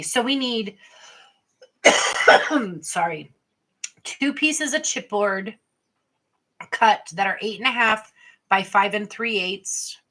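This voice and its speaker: A woman's voice: medium pitch, pushed and bright. A woman hosting a casual livestream craft tutorial, chatting straight to her viewers as she explains each step. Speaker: craft workshop host.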